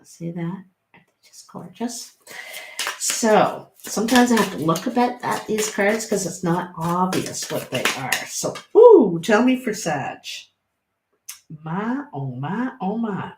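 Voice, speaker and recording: A middle-aged woman giving a casual tarot reading, chatty and encouraging, with sudden bursts of excitement. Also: medium pitch, unhurried, background noise. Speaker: tarot reader. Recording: roomy echo.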